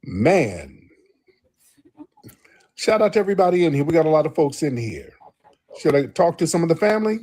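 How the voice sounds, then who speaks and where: A man hosting a live call-in show, talking loosely and emphatically with drawn-out affirmations. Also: on the high side, very animated, darkish tone. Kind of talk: casual live call-in talk.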